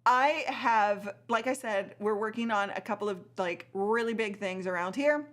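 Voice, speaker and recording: A woman's voice: mid-range voice, moderate pace. A tired woman hosting a casual live stream, chatty, with frequent laughs and many fillers.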